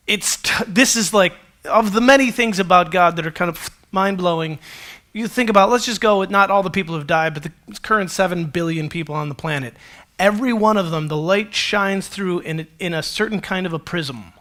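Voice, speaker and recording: A pastor preaches a sermon to his congregation in a brisk, high-sitting voice. He's conversational and animated, mixing in self-deprecating humor.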